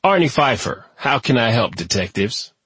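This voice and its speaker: A man's voice: mid-range voice, very animated, moderate pace, fairly bright tone, breathy edge, no echo. A man voicing a querulous, suspicious building superintendent in his sixties. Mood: gruff. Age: 60s. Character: fussy suspicious older male building superintendent.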